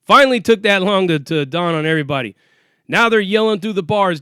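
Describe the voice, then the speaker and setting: A man's voice: high voice, animated, brisk, a bit bright, clean tone, dry recording, clean studio sound. A man telling a story about his time in jail in a casual, profane, streetwise way, acting out what people said. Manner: profane, streetwise, acts out quoted dialogue. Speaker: former inmate telling prison stories.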